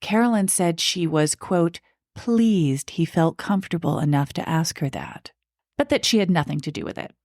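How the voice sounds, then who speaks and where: A woman's voice: fairly low pitch, moderate pace, a little mellow, dry recording, clean studio sound. A woman co-hosting a podcast, telling a true-crime story in a casual, chatty way with asides. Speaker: podcast co-host.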